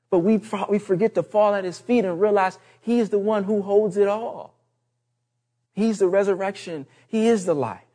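A man's voice: high voice, moderate pace, warm tone. A man preaching a sermon in an earnest, emphatic way, repeating his key phrases.

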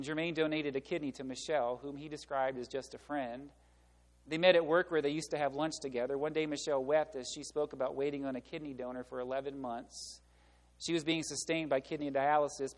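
A man preaching a sermon as pastor, animated and asking his listeners rhetorical questions. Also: fairly high pitch. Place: church sanctuary. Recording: long reverb of a church hall.

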